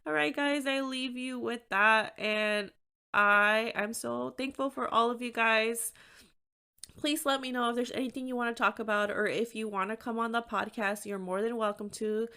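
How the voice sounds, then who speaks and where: A woman's voice: on the high side, fairly even intonation, normal speed, bright, forceful tone, clean tone. A woman hosting her own podcast, talking candidly and conversationally on her own with frequent "like" fillers. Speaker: podcast host. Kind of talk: solo podcast talk.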